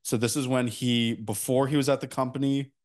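A man's voice: medium pitch, fairly even intonation, brisk. A man from New Jersey hosting a casual podcast, telling stories in a blunt, profane way. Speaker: podcast host.

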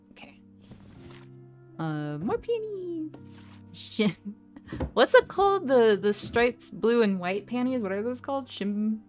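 A woman with a medium-pitched voice streams a game from her home desk, chatting casually in a playful, giggly way. She often apologizes to her chat.

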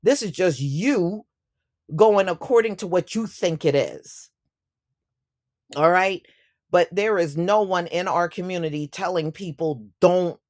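A woman's voice: on the low side, darkish tone. A woman delivering an opinion commentary vlog, speaking emphatically and indignantly and repeating phrases for effect. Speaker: YouTube commentator.

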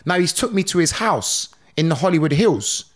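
A middle-aged man, a podcast guest telling stories in a lively, slangy way with laughs between lines. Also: fairly high pitch, moderate pace. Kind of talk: animated storytelling.

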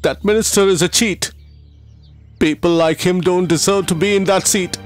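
A man's voice: high voice, fairly even intonation, moderate pace, no echo, natural voice. A man dubbing a kind middle-aged teacher who runs a school for poor children, speaking with heartfelt sorrow. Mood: bitter. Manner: heartfelt, grieving, apologetic. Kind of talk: dubbed film acting. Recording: film soundtrack with loud music.

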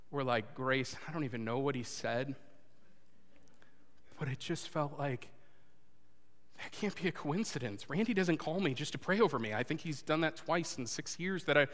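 A man preaching a sermon and telling a personal story, earnest, moving between loud urging and hushed confession. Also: fairly high pitch, moderate pace. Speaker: pastor. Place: church sanctuary before a congregation. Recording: long hall reverb.

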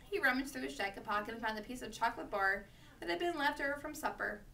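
A woman reading a children's storybook aloud with steady, expressive narration. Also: sits high, fast talker, gravelly, far from the mic. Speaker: reader.

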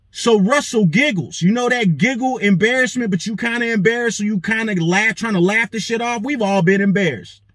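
Swearing freely, a man hosting a show narrates a story in an animated monologue and performs the quoted lines of its characters. He has a high voice, recorded without room sound.

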